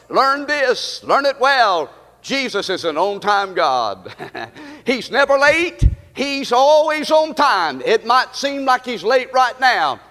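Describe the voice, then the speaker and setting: Preacher guy, high voice, sermon in a church, long echo from the hall, live stream sound. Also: sharp tone. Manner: preaching with calls to the congregation, rising and falling delivery. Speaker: pastor. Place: church sanctuary.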